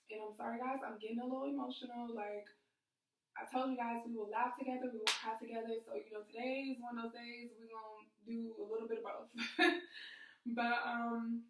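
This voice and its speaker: A woman's voice: a little high, little pitch movement, fairly quick, heavy reverb, recorded from a distance, rough recording. A woman in her late twenties telling a personal story on her vlog, candid and emotional, with many fillers. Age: 20s. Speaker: YouTube vlogger.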